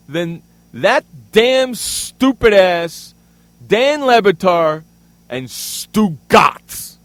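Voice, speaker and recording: Loud ranting man with a high voice. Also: big pitch swings, drawn-out words, dry recording. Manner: loud, angry, profane ranting. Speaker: radio host. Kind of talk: ranting sports radio talk. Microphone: studio microphone.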